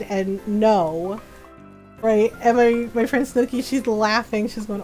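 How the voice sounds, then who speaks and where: A woman's voice: medium pitch, fairly even intonation, unhurried, darkish tone, soft background music. A woman streamer chatting casually while gaming, telling stories with a lot of laughter and acting out what people said. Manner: chatty storyteller, laughs often, acts out quotes.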